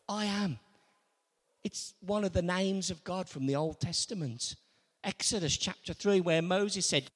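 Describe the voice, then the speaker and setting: A man preaching a sermon, animated, acting out quoted lines in different voices. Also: sits high, moderate pace. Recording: long hall reverb.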